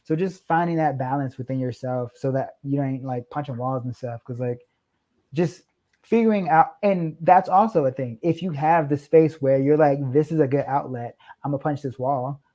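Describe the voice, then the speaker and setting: Young guy on a podcast, super expressive, does little voices when he tells stories. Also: mid-range voice, moderate pace. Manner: animated storyteller acting out quoted lines. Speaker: podcast guest. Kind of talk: casual chat.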